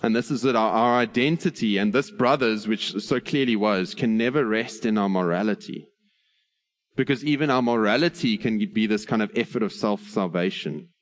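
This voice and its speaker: A man preaching an earnest sermon, slowing on key phrases and adding light humor. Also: on the low side. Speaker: pastor.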